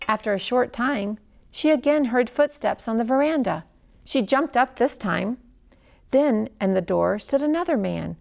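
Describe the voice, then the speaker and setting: Woman narrator for a storybook, dramatic delivery, gravelly fry. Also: fairly high pitch, expressive, measured pace. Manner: dramatic, hushed at tense moments.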